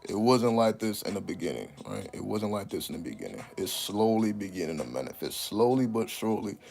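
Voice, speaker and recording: A man telling stories in a casual, profane monologue, breaking into high laughing exclamations. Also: creaky, darkish tone, a little hiss or hum. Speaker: channel host.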